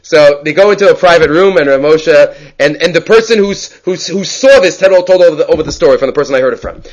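A man teaching a Talmud class, reading Hebrew and Aramaic passages aloud and explaining them in English with animated storytelling. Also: on the high side, fast, dull audio. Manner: animated storyteller, many restarts.

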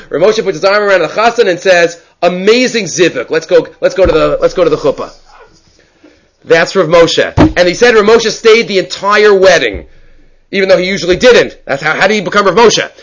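A man teaching a Talmud class, reading Hebrew and Aramaic passages aloud and explaining them in English with animated storytelling. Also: high-pitched, poor audio. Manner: animated storyteller, many restarts.

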